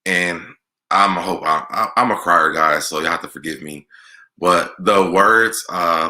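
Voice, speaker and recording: Answering viewer questions candidly on his laid-back Q&A vlog, this man talks at a measured pace and stays loose and chatty the whole way. His voice is very deep yet carries a notably bright, sharp edge.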